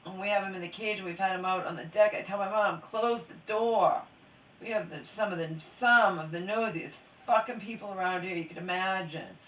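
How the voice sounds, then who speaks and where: A woman's voice: medium pitch, brisk, few pauses, a bit bright. Woman vlogger, drowsy and a bit hungover, rambles and half-whispers; mic well off, room echo. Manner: rambling, often drops to a near whisper. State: sleepy and mildly hungover. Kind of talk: casual late-night venting chat. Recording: roomy echo, mic at a distance, faint background hiss.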